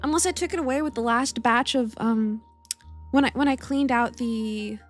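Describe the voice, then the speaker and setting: A young woman with a high, bright-pitched voice talks casually on a live stream from her room. She rambles, restarts her sentences and giggles as she greets viewers one by one. Soft music plays faintly underneath. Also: moderate pace.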